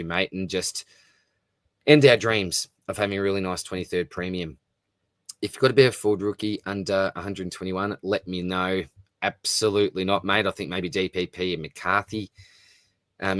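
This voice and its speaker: A man's voice: deep voice, no room sound, clean studio sound. A man hosting a live stream, chatting casually and answering viewer comments, calling everyone "mate". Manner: matey, chatty, often says "mate". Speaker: fantasy football live stream host.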